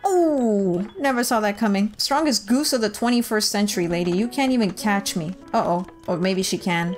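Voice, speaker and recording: A woman's voice: medium pitch, expressive, moderate pace, faint music behind. A young woman giving silly let's play commentary, talking to the game's characters and pleading in squeals.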